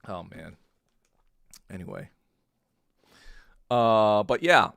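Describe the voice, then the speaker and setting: A man's voice: fairly low pitch, animated, drawn-out words, gravelly, a bit bright, clean tone. A man hosting a podcast, ranting casually with lots of swearing and laughing between phrases. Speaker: podcast host. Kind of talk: casual solo rant.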